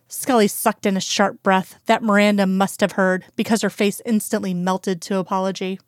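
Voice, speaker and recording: A woman narrating a fan fiction story aloud at an even, measured pace, recorded close to the mic. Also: mid-range voice, clean tone, no room sound.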